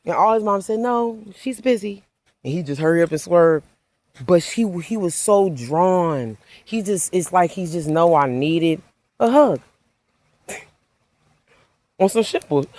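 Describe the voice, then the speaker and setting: A woman's voice: medium pitch, very animated, unhurried, dry recording. A woman giving an emotional, rambling spiritual monologue as a self-described prophet, preachy and swearing freely.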